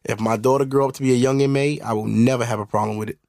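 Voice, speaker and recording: A man's voice: medium pitch, fairly even intonation, rapid-fire, vocal fry, dark tone, dry recording. A young man with a New York accent runs his podcast in loose, profane banter. He sounds blunt and joking. The recording is close and dry. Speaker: podcast host. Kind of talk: casual chat.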